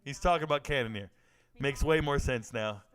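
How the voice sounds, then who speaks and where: A man's voice: mid-range voice, brisk, fairly bright tone, clean tone. Laid-back man riffing on a livestream. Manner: laid-back, joking, reads and answers chat. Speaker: livestream host. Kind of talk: casual livestream commentary.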